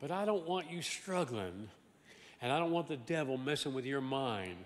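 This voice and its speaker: A man preaching a sermon as pastor, animated and emphatic, swinging from loud exclamations to quiet asides and often repeating words. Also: mid-range voice, moderate pace, long reverb tail. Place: large church sanctuary.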